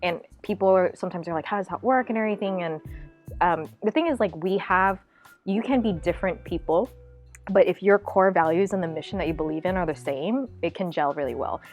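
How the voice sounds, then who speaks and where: A woman co-founder chatting candidly in an interview, quick and lively with lots of fillers. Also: lowish voice, soft background music.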